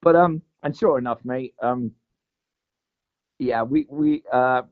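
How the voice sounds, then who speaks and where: A man's voice: medium pitch, slow. A man telling a long fishing story in a casual, rambling way, full of "mate" and "like". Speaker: guest angler. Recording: dull lo-fi audio.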